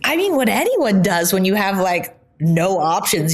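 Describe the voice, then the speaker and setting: A woman guest on an interview podcast, telling her story in a casual, animated way and laughing often. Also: mid-range voice, moderate pace, hardly any pauses.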